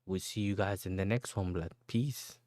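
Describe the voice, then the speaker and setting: A slangy, laid-back man hosts a football livestream and talks right to his chat. His voice sits fairly low, and the sound is dry and close with no room around it. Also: normal speed, darkish tone, dry recording.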